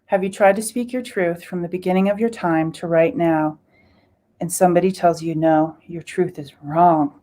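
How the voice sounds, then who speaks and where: Woman, meditation guide, mellow tone, soothing drawn-out delivery, chanted syllables. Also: on the low side, steady tone.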